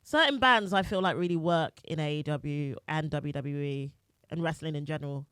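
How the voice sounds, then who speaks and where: A woman's voice: deep voice, normal speed, a bit bright, smooth, no room sound, clean studio sound. A woman co-hosting a chat podcast, chatty and giggly as she asks the guest questions. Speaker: podcast co-host.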